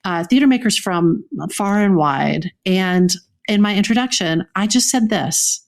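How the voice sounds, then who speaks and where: A woman's voice: mid-range voice, animated, measured pace. A woman co-hosting a podcast, talking in an earnest, reflective way and often restarting her sentences. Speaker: podcast co-host. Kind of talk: casual podcast conversation.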